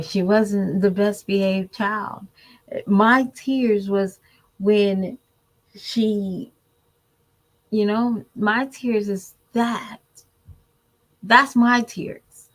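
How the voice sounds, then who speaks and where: A woman's voice: medium pitch, rough recording. A woman giving candid, preachy commentary to her viewers in a casual vlog. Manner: candid, preachy, animated mimicry. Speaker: vlogger.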